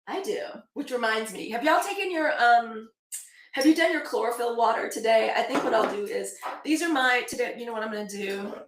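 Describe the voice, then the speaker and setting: A woman's voice: a little high, a little fast. Chatty woman host in an echoey room. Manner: chatty, digressive, thanks viewers by name. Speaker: host of a daily live news show. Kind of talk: casual livestream chat.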